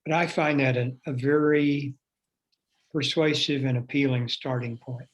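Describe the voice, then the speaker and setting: A man taking part in a class discussion, speaking in a reflective, deliberate way. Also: mid-range voice, steady tone. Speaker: class participant. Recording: muffled lo-fi audio.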